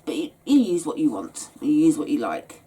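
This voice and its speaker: A woman's voice: low voice, sing-song, moderate pace, warm tone, slightly rough. A tired woman giving a chatty, rambling sewing tutorial, yawning and hesitating as she explains her steps. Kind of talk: casual step-by-step craft tutorial.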